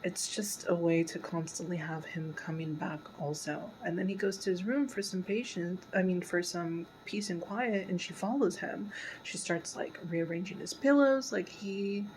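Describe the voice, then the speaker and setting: A woman hosting a casual reaction video, talking through an episode with many fillers and slipping into a soft whisper at sad parts. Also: on the low side, moderate pace, slight background noise, low-quality recording. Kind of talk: casual pause-and-talk commentary.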